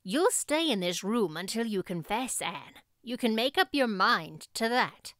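Woman reading as a severe older spinster, firm and clipped, smooth dry voice. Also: fairly high pitch, animated, measured pace, a bit bright, no room sound. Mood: stern.

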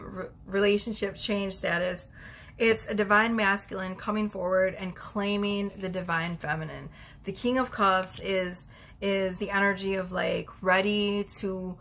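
A woman tarot reader talking casually to the camera from her bedroom, chatty and quick to laugh as she pulls cards. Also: medium pitch, fairly bright tone, a little hiss or hum. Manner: chatty, laughs often, talks straight to viewers. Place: bedroom at home.

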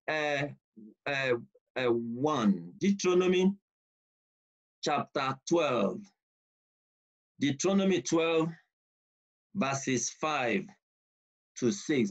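A man teaching a bible study, emphatic and repetitive, reading scripture slowly and deliberately. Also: on the high side. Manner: emphatic, repeats key points, reads scripture slowly. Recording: dull lo-fi recording.

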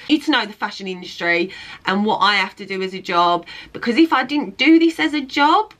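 A young woman chats casually to camera, filling her sentences with "like" and circling back to restart her thoughts. Her tone is bright and forward, sitting at an ordinary middle pitch. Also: rough recording. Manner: chatty, filler-heavy, with frequent "like" and restarts. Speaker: fittings model and vlogger. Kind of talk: casual talking-head vlog.

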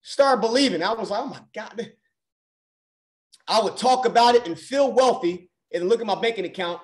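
A man's voice: sits high, animated, a little fast. A man coaching on a mindset call, talking emphatically and repeating key phrases for effect. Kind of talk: motivational call talk.

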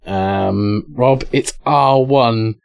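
A man's voice: medium pitch, extremely slow, gravelly, clean tone, dry recording. A young English man streaming a game, chatting casually, swearing and reading out chat. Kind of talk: casual live-stream commentary.

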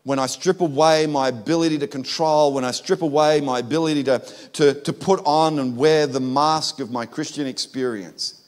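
A male pastor with an Australian accent, preaching a passionate sermon that swings between fervent lines and hushed, confessional ones. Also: on the high side, fairly even intonation, normal speed. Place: church.

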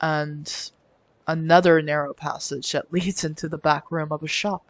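A woman's voice: low voice, fairly even intonation, a little slow, dry recording. A woman streamer reading a visual novel aloud with her own asides, giggling and stumbling over words now and then. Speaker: let's play streamer.

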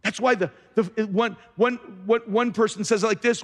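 A man's voice: high voice, fairly even intonation, moderate pace, few pauses. A man preaching a sermon as pastor in a large church, emphatic and often repeating words as he starts sentences. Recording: long reverb of a large hall.

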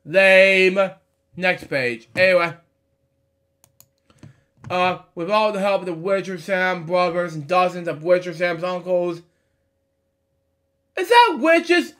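Reading a children's storybook aloud at home late in the evening, this man speaks in a high, level, somewhat bright voice at a measured pace with long pauses. He fumbles words and drops in blunt, irreverent asides as he goes.

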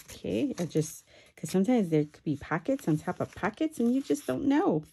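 A woman chatting excitedly while unboxing a craft swap package, with self-deprecating asides. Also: mid-range voice, moderate pace, creaky, breathy edge. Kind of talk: casual unboxing commentary. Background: paper crinkling and clicks.

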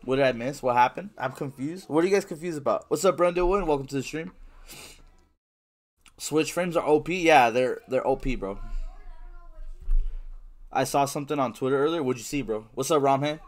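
A man's voice: mid-range voice, moderate pace, pauses often. A male livestreamer casually reading viewer chat aloud and answering it while he plays, in a slangy way. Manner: reads viewer chat aloud and answers, slangy, says "bro" and "man" often.

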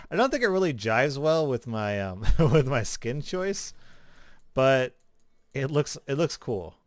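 A man giving casual, chatty commentary as a gaming video creator, relaxed, with small laughs. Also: medium pitch, slow, long pauses, dry recording, clean studio sound. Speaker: gaming YouTuber. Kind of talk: casual commentary over gameplay.

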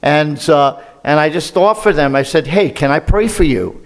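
A man's voice: a little high, expressive, measured pace, few pauses. An older man with a New York accent, talking casually to a church as a guest minister, with many fillers. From Brooklyn, New York. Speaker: guest speaker, Messianic minister. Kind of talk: church talk.

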